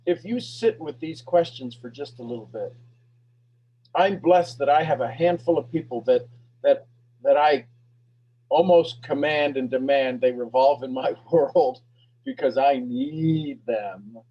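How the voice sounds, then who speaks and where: Energetic preacher-style host, husky. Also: male voice, mid-range voice, measured pace, lo-fi sound. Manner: energetic and preachy, repeats questions, swings between loud bursts and hushed lines. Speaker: host of a motivational talk show. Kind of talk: live motivational talk to an online audience.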